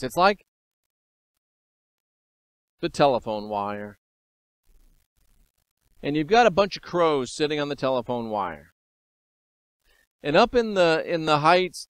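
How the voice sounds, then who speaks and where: A man's voice: mid-range voice, smooth, no room sound. Emphatic preachy man in his fifties. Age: 50s. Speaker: channel host. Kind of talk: motivational spiritual monologue.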